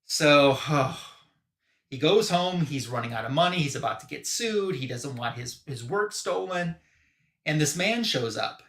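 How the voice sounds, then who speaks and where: A man's voice: on the high side, expressive, a little slow, a bit bright, reverberant. A man hosting a live show, casually retelling a comic story in a rambling way full of fillers. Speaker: podcast host.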